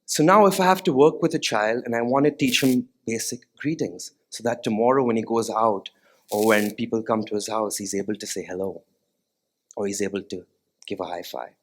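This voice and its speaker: A man's voice: fairly low pitch, a little fast. A man, a music therapist, giving an earnest stage talk to a live audience, asking them questions now and then. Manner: sings short nursery melodies as demonstrations. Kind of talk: TEDx-style stage talk.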